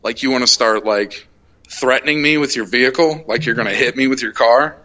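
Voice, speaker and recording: Young guy ranting a road rage story on his podcast, swears a ton, bright punchy voice. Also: medium pitch, a little fast. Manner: profane, heated retelling, acts out shouted quotes. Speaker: podcast host. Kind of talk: casual storytelling chat.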